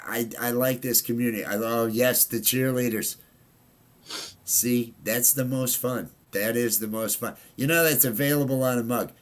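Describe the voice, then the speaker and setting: A man's voice: mid-range voice, steady tone, moderate pace. A man hosting a casual livestream chat, rambling with many fillers and restarts. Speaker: livestream host.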